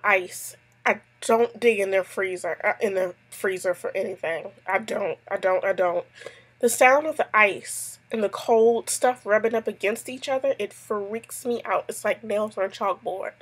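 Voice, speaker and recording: Woman vlogger, casual chat, digressive storyteller, mid pitch. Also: moderate pace, breathy edge. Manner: chatty, tells stories with lots of asides. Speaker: YouTube vlogger answering a tag; mother.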